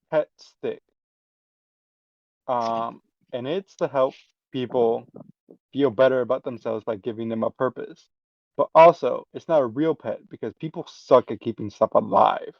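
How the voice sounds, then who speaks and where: A man plays a small dragon-kin kobold with a pushy, friendly sales patter. The pitch is mid-range. The audio is dry and a bit dull. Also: gravelly, no room sound. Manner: casual sales pitch with laughs.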